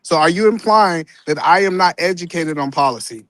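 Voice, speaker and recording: Man, morning show co-host, loud, insistent, heated debate, dry close mic. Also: a little high, no room sound. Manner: loud, rapid and insistent, talks over others.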